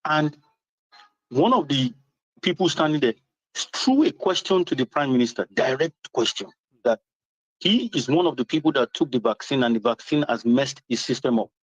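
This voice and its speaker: A man with a Nigerian accent chatting casually with the host, telling a story in a lively way and mixing in Pidgin. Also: mid-range voice, normal speed, no room sound, low-quality recording. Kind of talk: casual chat.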